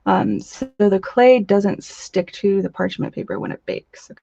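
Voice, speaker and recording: A woman hosting a casual crafting livestream, chatting in a bubbly way with quick gushing asides while she demonstrates. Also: medium pitch, creaky, mellow, no room sound, muffled recording. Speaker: crafting channel host. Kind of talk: casual live-stream chat with demos.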